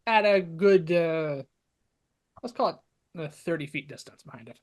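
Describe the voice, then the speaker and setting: A man playing a tabletop game, chatty and quick to lay out his plans. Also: on the high side. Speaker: player. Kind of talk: casual tabletop game play.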